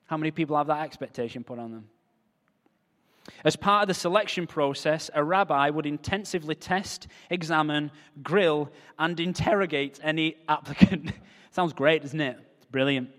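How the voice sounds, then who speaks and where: A man preaching a lively sermon to a crowd, moving between quiet asides and loud, emphatic calls. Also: fairly high pitch, moderate pace. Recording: hall reverb.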